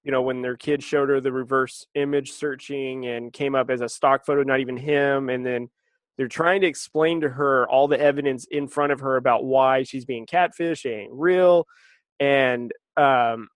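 A man's voice: mid-range voice, fairly even intonation, normal speed, no room sound. A man co-hosting a casual chat, talkative and wry, laughing often. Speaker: podcast co-host.

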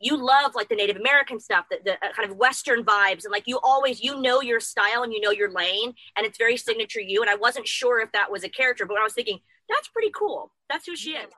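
A woman's voice: on the high side, fast talker, hardly any pauses, pushed and bright, no room sound, rough recording. A woman hosting a casual chat, gushing and rambling with lots of fillers.

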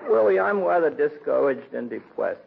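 Prissy gloomy secretary type, super gravelly voice, tinny old radio sound. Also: male voice, fairly high pitch, big pitch swings, normal speed, a faint crowd, full character voice. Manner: prissy, overly formal wording. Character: prim, gloomy male former secretary, fussy talker. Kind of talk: 1940s radio sitcom acting. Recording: tinny old radio broadcast with faint hiss.

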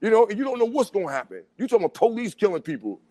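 A man in casual chat, talking in an animated, street-style way and often asking "you know what I'm saying". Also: high voice, very fast, dry recording.

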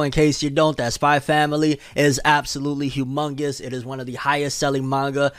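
A man giving casual, slangy commentary on anime news and thinking out loud as he goes. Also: medium pitch, no room sound. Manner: chatty and slangy, thinks aloud.

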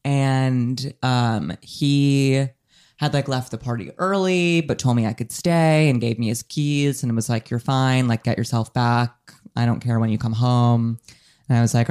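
Unhurried and fairly even in intonation, a young adult man's mid-range voice sounds slightly mellow, clear, and resonant. He casually rambles through a personal story for a podcast, packed with likes and ums, laughing at himself.

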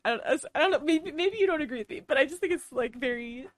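A woman's voice: high voice, lively intonation, quick pace, no echo. A young woman co-hosting a casual chat, reading fan fiction aloud, rambling with fillers and giggling. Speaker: podcast co-host.

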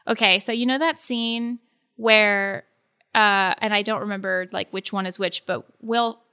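Bright-voiced woman talking football. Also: mid-range voice, a little slow, clear, resonant tone. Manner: animated, laughs often, acts out quotes. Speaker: sports podcast co-host. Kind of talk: casual sports discussion.

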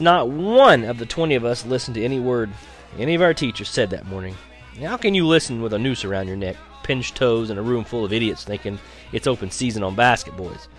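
A man's voice: medium pitch, a bit bright. A man narrating a teen story as an audiobook, in a wry, sarcastic tone that breaks into laughs.

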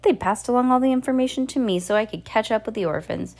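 A woman's voice: on the high side, fast talker, darkish tone, pitched above the performer's own voice. A woman voicing a scornful, scheming male villain while reading a storybook aloud, with a growling, gloating delivery.

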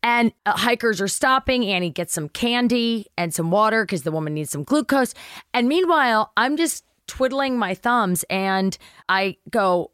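A woman's voice: on the high side, moderate pace, clean tone, dry recording, clean studio sound. A middle-aged woman, an actress guest on a podcast, telling a casual anecdote and acting out the voices of the people in it, with some swearing. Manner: animated storyteller acting out quotes, swears casually.

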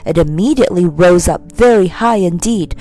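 A woman narrating a children's storybook in an expressive, animated reading. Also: lowish voice, moderate pace, soft background music. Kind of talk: scripted narration.

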